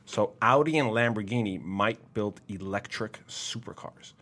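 A man's voice: on the low side, normal speed. A man co-hosting a casual podcast, reading out car headlines and joking about them with frequent laughs. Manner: jokey, laughs often, animated delivery. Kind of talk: casual chat.

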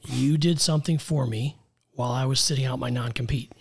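American male guest, gravelly and husky, earnest storyteller. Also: mid-range voice, steady tone, brisk. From United States. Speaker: guest, executive coach. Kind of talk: conversational interview.

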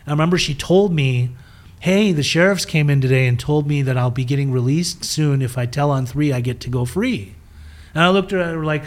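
Animated man telling his story. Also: fairly high pitch, a little fast. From southern California. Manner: animated storyteller acting out quoted voices. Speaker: guest. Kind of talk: storytelling in a recovery interview.

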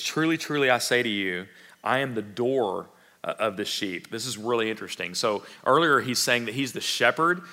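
A man preaching from the front of a church, his voice bright and forceful. He talks in a casual, animated way, breaking off into quick asides and restarts. The sound carries a long reverb from a large hall. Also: mid-range voice. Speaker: pastor. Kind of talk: sermon.

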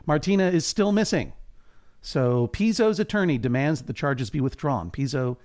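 A man's voice: fairly high pitch, expressive, moderate pace, a little mellow. Wry man co-hosting a comedy recap. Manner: wry, playful, acts out characters in quoted voices. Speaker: podcast co-host.

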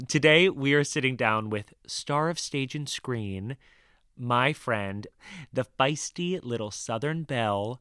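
Male host, bright tone, playful teasing delivery, dry sound. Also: medium pitch, smooth, no echo. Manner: teasing, laughs easily. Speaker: podcast host. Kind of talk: casual chat and scripted intro.

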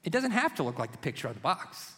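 Guy doing his patient wife, calm and soft, high voice, echoey hall. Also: quick pace. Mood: gentle. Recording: long reverb of a large hall.

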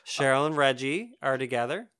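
A man's voice: medium pitch, expressive, normal speed, pushed and bright, clear, resonant tone. A young man co-hosting a casual podcast chat, laughing often as he talks. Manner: laughs often, loose and chatty. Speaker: podcast co-host. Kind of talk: casual chat about comics.

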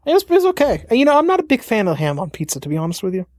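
Rapid-fire rambling podcaster, lots of swearing, dead dry sound. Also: medium pitch, wildly swooping pitch, no room sound. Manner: rambling, profane, joking. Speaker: podcast co-host; parent. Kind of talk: casual chat.

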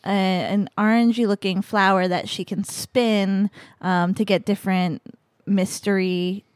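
A woman's voice: mid-range voice, fairly even intonation, unhurried, clear, resonant tone, dry recording, studio quality. A woman playing a tabletop role-playing game, upbeat and chatty. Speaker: player. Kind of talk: casual tabletop game play.

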